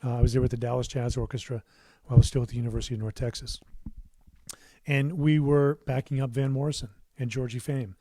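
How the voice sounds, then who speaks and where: A middle-aged American man hosts a casual livestream from his recording studio, rambling between answers with warm asides and many fillers and restarts. His mid-range voice holds a steady tone and moves fast.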